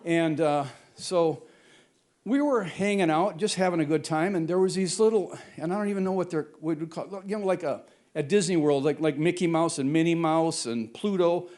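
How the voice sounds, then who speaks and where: A man's voice: a little high, normal speed, darkish tone. An older man telling a true story on stage in a rambling, self-correcting way, often chuckling as he goes. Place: stage at a brewery before an audience.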